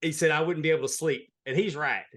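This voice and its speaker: A man's voice: on the high side, steady tone, fast, a bit bright. Earnest man telling a story. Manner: earnest, heartfelt, plain-spoken. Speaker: wrestling referee, guest. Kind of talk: casual interview storytelling.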